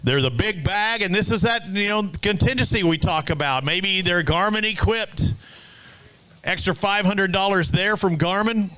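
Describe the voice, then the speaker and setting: A man hosts a live tournament weigh-in at an outdoor lakeside stage. His voice sits high and sounds bright and forceful. He keeps the banter upbeat and teases the anglers as he reads out their weights. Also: normal speed, clean tone, low-quality recording. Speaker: weigh-in emcee. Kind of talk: live event emceeing.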